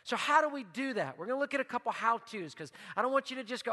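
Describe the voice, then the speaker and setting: A man preaching a sermon as pastor, emphatic, leading the congregation in repeated phrases and dropping to a hushed voice in prayer. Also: very high voice, rapid-fire, few pauses. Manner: leads call-and-response repetition. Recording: long hall reverb.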